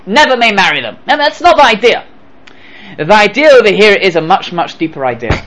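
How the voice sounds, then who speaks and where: A man giving a Torah lecture as a rabbi, animated, asking rhetorical questions and acting out little dialogues. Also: sits high, brisk, low-quality recording.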